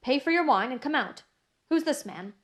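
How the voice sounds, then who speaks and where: A curt, furtive middle-aged Englishman, as a woman reader puts him on speaks low and abruptly. He sounds vexed and impatient, in a storybook reading with a fairly high voice. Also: lively intonation, normal speed.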